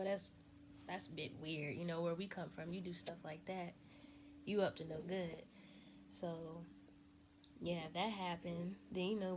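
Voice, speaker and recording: A woman telling a story in a casual vlog, speaking softly and hesitantly as she holds back emotion, recorded at home. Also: on the low side, a little hiss or hum. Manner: soft-spoken and hesitant, holding back emotion. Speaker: vlogger.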